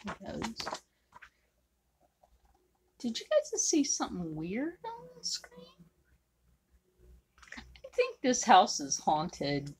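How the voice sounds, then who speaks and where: A woman's voice: a little high, huge pitch swings, takes it slowly, long pauses, a little mellow, slight background noise. A woman artist chatting bluntly and rambling with many fillers while she draws. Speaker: artist drawing on camera. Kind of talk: casual chat while drawing.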